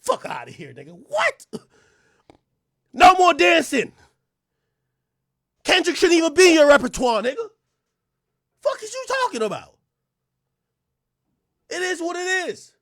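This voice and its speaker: High-pitched, animated male streamer. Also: unhurried, vocal fry, long pauses, no room sound, clean studio sound. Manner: loud, profane, animated, often laughing. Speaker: livestream host. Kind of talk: casual livestream rant.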